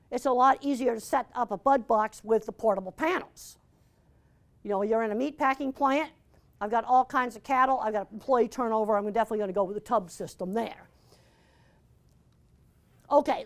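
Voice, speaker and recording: A woman's voice: fairly high pitch, vocal fry. An older woman giving a blunt, emphatic lecture with slides, repeating her key points. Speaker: animal science lecturer.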